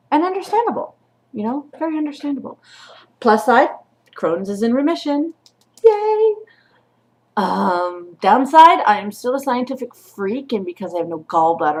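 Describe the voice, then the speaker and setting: A woman with a young son vents casually, cursing freely and swinging from quiet asides to loud outbursts. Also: on the low side. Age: adult with a child. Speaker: vlogger. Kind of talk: casual venting vlog.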